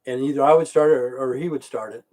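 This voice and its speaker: A middle-aged man speaks quickly in a mid-range, darkish voice during a casual livestream chat. He rambles through stories, curses constantly, and names viewers from the chat.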